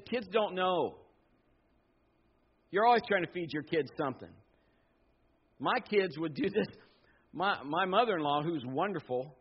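Man, middle-aged, pastor, sermon, storytelling with quoted voices, slightly high voice, muffled lo-fi. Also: husky. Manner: storytelling preacher, animated asides and quoted voices. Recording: dull lo-fi sound.

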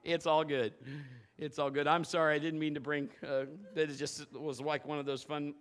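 A man preaching a sermon at a church service, animated and playful, moving between loud exhortation and quiet asides. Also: a little high, normal speed.

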